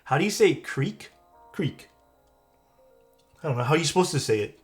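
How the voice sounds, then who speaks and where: A man's voice: a little high, sing-song, racing. A man with a Canadian accent chatting casually on a live stream, answering viewers' questions about keyboard parts. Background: faint music.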